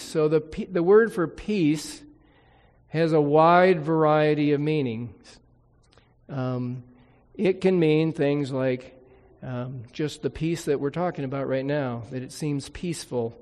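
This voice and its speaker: A man's voice: on the high side, slow pace, a little mellow, in a large hall. A man preaching a sermon to his congregation, reading scripture aloud and explaining Hebrew words as he goes. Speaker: pastor.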